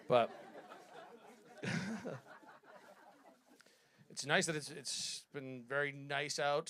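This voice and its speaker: Stand-up comic, man in his 30s, slightly high voice, rambling self-mockery, live stage. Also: fairly bright tone, clear, resonant tone. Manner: self-deprecating, rambling, laughs at own jokes. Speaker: stand-up comedian. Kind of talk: stand-up comedy set.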